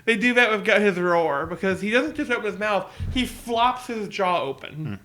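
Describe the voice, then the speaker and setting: Eager podcast dude, high bright voice, pitching ideas excitedly. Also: male voice, normal speed. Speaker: podcast co-host. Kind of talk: casual chat.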